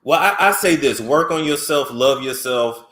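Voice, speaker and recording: A man hosting a casual call-in chat, talking in a blunt, frank and animated way. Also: mid-range voice, moderate pace, echoey room. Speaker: host.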